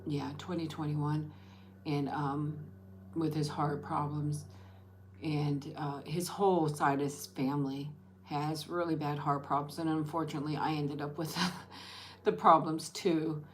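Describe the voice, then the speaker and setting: Low-voiced woman chatting with her viewers. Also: little pitch movement, unhurried, a little hiss or hum. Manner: rambling, restarts sentences and thanks viewers by name. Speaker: vlogger hosting an eat-with-me stream. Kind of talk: casual livestream chat.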